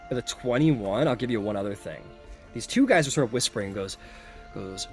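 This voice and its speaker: A man narrating a tabletop game as game master, relaxed and heavy with fillers. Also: fairly low pitch, brisk, soft background music.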